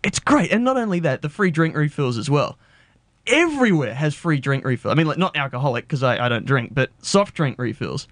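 Brief: Australian male radio co-host, slightly high voice, dry close sound, jokey faux outrage. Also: sing-song, fairly quick, no room sound. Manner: mock-indignant, playful ranting. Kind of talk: casual radio banter.

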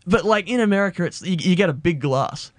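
Brief: Australian male radio co-host, slightly high voice, dry close sound, jokey faux outrage. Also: animated, fairly quick, dry recording. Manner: mock-indignant, playful ranting. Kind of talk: casual radio banter.

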